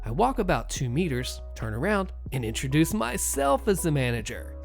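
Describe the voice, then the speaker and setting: Animated male storyteller, gravelly, wry asides, faint music behind. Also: a little high, moderate pace. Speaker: podcast host reading stories. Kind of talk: storytelling narration with casual commentary.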